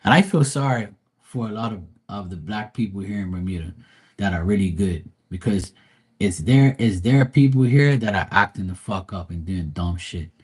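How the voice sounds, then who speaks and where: A man tells a heated story in a casual, profane way. His voice sits a little low and sounds husky. He jumps into animated quoted lines as he retells the argument. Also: moderate pace. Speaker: livestream host. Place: Bermuda.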